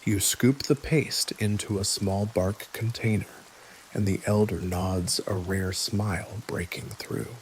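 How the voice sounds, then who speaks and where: Slow, calm low-voiced male narrator. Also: slight background noise, rough recording. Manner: calm, gentle, second-person storytelling with dry asides. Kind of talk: scripted bedtime history narration. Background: soft rain.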